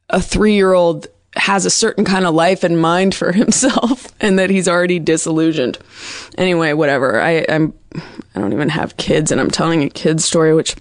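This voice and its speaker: A woman comedian with a low, husky, gravelly voice talks through a rambling monologue on her show. She is sardonic and self-deprecating. The recording is dry and close to the mic. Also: no room sound. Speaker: comedian hosting a podcast.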